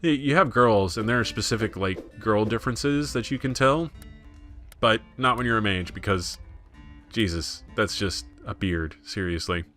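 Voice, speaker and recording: Brief: young American man, self-mocking let's-play chatter, deep voice with a sharp edge. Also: normal speed, soft background music. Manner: rambling, self-deprecating, lots of fillers. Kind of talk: casual gameplay commentary.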